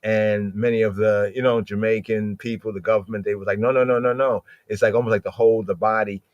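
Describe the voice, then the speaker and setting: A man's voice: fairly low pitch, little pitch movement, a little fast, a little mellow, no echo, lo-fi sound. A man hosting a podcast, teaching scripture in a loose conversational way and repeating words for emphasis. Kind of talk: casual Bible teaching talk.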